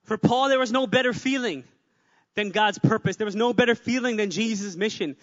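A man's voice: high voice, fairly quick, long reverb tail, lo-fi sound. A man preaching a sermon with energy, repeating phrases for emphasis and adding joking asides. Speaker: pastor.

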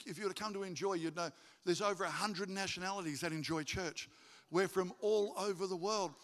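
A man preaching a sermon to his congregation, animated and jokey, acting out stories in high voices. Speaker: pastor. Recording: reverberant hall.

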